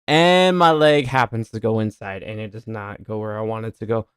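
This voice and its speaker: A man streaming casual commentary as he reviews his own match footage, explaining each move step by step, muttering quietly on asides and turning loud and heated over his own mistakes. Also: normal speed, clean tone, dry recording, studio quality. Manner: drops to a low mutter on asides.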